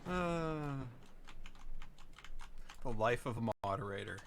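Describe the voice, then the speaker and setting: A man's voice: mid-range voice, expressive, slow pace, creaky, a little hiss or hum. A man chatting casually to his viewers while streaming a game, rambling with asides and sounding tired and yawning. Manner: rambling and chatty, talking to chat, with laughs and trailing asides. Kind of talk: casual live-stream chat while playing.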